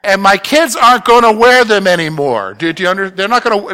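Chatty high-voiced preacher man. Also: animated, fairly quick, hardly any pauses, bright, forceful tone. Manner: conversational, repeats words, asks listeners if they understand. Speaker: pastor. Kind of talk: sermon.

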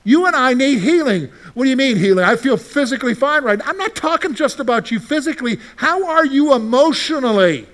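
Animated high-voiced male preacher. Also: a little fast, few pauses. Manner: animated, asks the congregation rhetorical questions. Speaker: pastor. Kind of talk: sermon.

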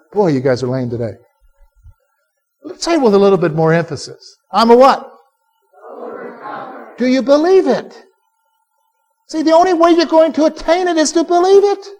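High-voiced preaching man quizzing his congregation. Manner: animated preaching that quizzes the congregation for call-and-response; direct, conversational asides to the listeners. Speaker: pastor. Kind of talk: sermon. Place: church service before a live congregation.

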